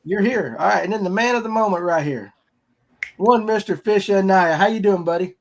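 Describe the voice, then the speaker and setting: A man hosts a casual fishing podcast. His voice sits a little high, and he talks in a folksy, rambling, upbeat way. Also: brisk. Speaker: podcast host.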